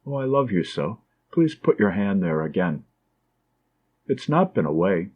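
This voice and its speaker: A man voicing a fragile, tender young woman nurse who speaks softly and pleadingly, in a slightly dull lo-fi recording. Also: low voice, sing-song, measured pace, exaggerated voice.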